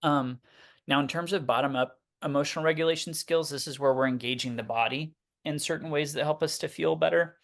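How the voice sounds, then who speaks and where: A man's voice: on the high side, fairly even intonation, fairly quick, gravelly, fairly bright tone. A man working as a therapist, explaining ideas in a casual, conversational way, sometimes swearing and acting out examples of inner self-talk. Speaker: therapist guest.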